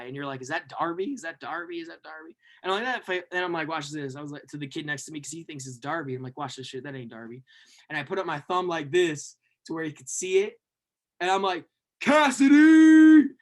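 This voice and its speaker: A young man co-hosting a podcast, telling a rambling, profane story with lots of fillers and yelled-out quotes. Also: on the high side. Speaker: podcast co-host. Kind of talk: excited casual storytelling.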